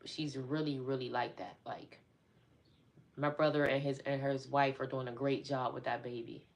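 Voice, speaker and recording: A woman's voice: a bass voice, little pitch movement, moderate pace, vocal fry. A middle-aged woman chatting casually on a live stream, talking to her viewers as y'all.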